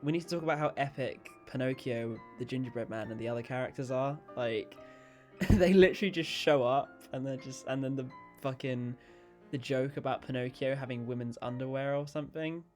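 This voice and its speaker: A man's voice: medium pitch, fairly quick, darkish tone. Brief: young male podcast host, casual chatty film talk, crude, laughs a lot, faint music behind. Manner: chatty, swearing, laughing often. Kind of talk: casual podcast chat about films.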